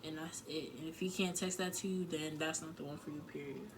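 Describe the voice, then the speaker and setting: A woman's voice: low voice, fairly even intonation, a little fast, background noise. A woman giving frank relationship advice in a casual vlog, talking candidly with plenty of filler words and some swearing. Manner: emotional, close to tears at times.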